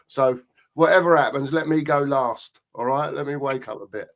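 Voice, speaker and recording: A man's voice: mid-range voice, normal speed, gravelly, fairly bright tone. A man on a football chat show, laid-back and still drowsy from just waking up. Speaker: podcast guest.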